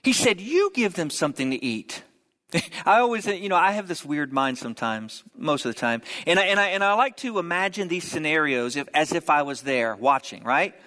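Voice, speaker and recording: A man preaching a sermon, telling a story with humorous asides and quick jokes. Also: on the high side, expressive, sharp tone, in a large hall. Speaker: pastor.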